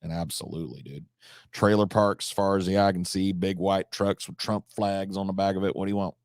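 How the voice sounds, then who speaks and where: Man, deep voice, dry close sound, livestream host, well-spoken, drifts into a country drawl. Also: fairly even intonation, fairly quick, a little mellow, no echo. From California. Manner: articulate, reflective, slips into a country drawl at times. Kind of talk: casual livestream chat answering viewers.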